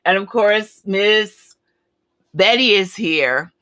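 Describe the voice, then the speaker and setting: A livestream host in her seventies talks at a slow pace in a mid-range voice, with no room sound in the recording. Her casual chat is candid and chatty, and she acts out what others said with animated quoting.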